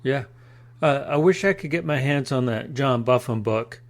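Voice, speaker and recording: A man's voice: medium pitch, normal speed. A man hosting a casual podcast interview, mostly giving short encouraging responses and asking questions. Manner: brief encouraging backchannels. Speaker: podcast host.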